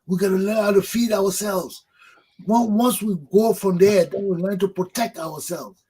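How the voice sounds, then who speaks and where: Guy on his talk show going off, high husky voice, preachy and swearing a lot. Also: fairly even intonation, normal speed, warm tone, low-quality recording. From Liberia. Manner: fervent, preaching, repeats for emphasis, swears. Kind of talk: impassioned political monologue.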